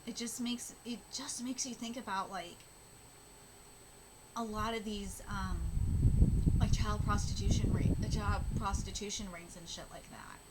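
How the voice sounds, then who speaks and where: A woman hosting a live manga reaction, rambling, emotional and repeating herself, over loud background noise. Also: medium pitch, fairly even intonation, measured pace.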